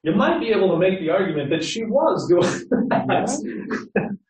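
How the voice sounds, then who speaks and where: With a high, sing-song voice at a measured pace, a bit mellow, a middle-aged workshop leader chats with his audience in a training room about customer service and quizzes them. There's slight background noise and roomy echo from a faraway mic.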